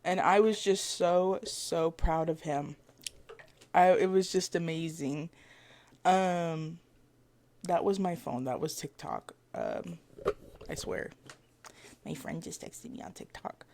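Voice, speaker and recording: A woman chatting casually to camera as a vlogger, excitable and rambling, with lots of fillers, giggles and self-corrections. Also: lowish voice, slow, pauses often, a little hiss or hum. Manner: gushing fan talk with giggles.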